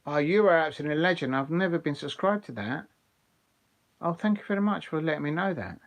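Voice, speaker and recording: A man hosting a live football watch-along, chatting excitedly with viewers and laughing often. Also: fairly high pitch, quick pace. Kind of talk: live casual chat with viewers.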